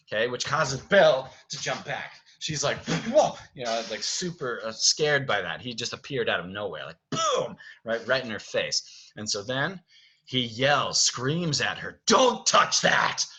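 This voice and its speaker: A theater director working from home explains stage blocking to his actors in a chatty way, singing the music cues and constantly checking in with "okay?". His medium-pitched voice is sharp and husky, and the recording quality is low.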